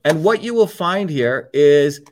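A man's voice: a little high, animated, measured pace, a little hiss or hum. Blunt, profane man ranting. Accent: New Jersey. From New Jersey. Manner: angry, blunt, profane, lecturing. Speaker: channel host. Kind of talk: impassioned political monologue.

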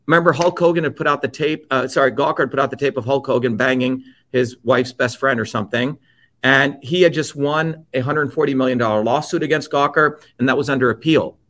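A man's voice: medium pitch, fairly quick, a bit bright. A man in his fifties from India, telling his life story as an interview guest in an emphatic, blunt and profane way. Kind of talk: impassioned personal storytelling.

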